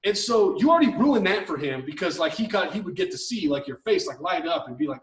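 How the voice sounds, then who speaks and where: A man's voice: high voice, animated, quick pace, few pauses, reverberant, far from the mic, poor audio. A man co-hosting an advice podcast, ranting heatedly with lots of swearing and mocking impressions of the people he talks about. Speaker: podcast co-host.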